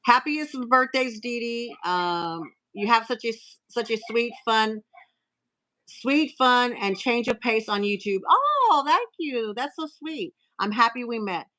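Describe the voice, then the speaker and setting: A woman hosting a casual live stream, reading out cards and messages in a chatty way with filler pauses. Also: on the high side, sharp tone, low-quality recording.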